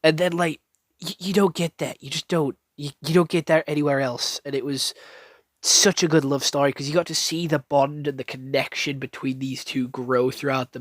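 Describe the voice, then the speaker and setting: A man's voice: fairly high pitch, fairly bright tone, no room sound, clean studio sound. A man giving a casual, rambling anime review, gushing and swearing freely with lots of restarts. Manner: gushing, profane, rambling with many likes and restarts.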